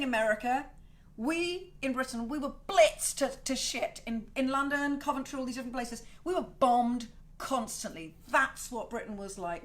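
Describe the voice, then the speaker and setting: Emotional, profane woman ranting. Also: on the high side. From South Wales. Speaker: host. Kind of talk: casual livestream rant.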